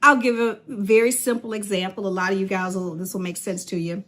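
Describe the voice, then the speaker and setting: A chatty woman in her fifties who talks straight to her viewers in a relaxed vlog. She laughs easily and explains things the way she would to a client, with an everyday mid-range voice. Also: medium pitch, brisk. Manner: chatty, laughs often, addresses viewers directly. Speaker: speech-language pathologist and vlogger. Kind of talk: casual talk to camera. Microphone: phone or device camera.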